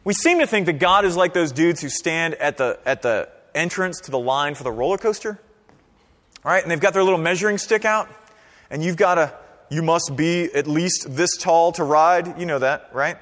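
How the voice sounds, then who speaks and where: A pastor preaching a sermon in a conversational, animated way, often checking in with the congregation. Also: male voice, fairly high pitch, fairly quick, long reverb tail. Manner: conversational, animated preaching with frequent "right?" and "okay?".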